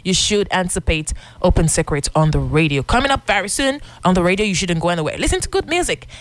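A woman's voice: lowish voice, fast, dry recording. Chatty woman radio host. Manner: chatty, laughs often. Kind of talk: casual studio chat. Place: radio studio.

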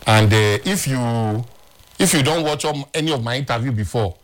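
A man's voice: medium pitch, normal speed. A man with a Nigerian accent, a guest on a talk show, speaking in an emphatic, preachy way.

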